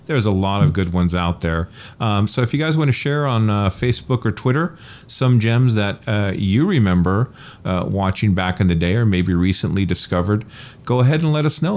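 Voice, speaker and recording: A man with a fairly low voice hosts a casual chat show. He talks in an easygoing, friendly way as he passes segments to his co-host. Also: brisk, darkish tone.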